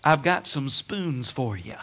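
A man preaching a sermon, telling stories with bursts of laughter and shouting. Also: mid-range voice, takes it slowly, background noise. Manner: animated storytelling, laughing and shouting. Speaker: pastor.

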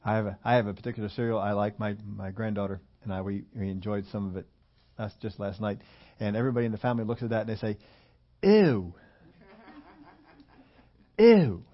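A man's voice: lowish voice, flat delivery, racing, highs cut off. An older man preaching a sermon in a church, talking in a folksy, conversational way with many repetitions. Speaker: pastor.

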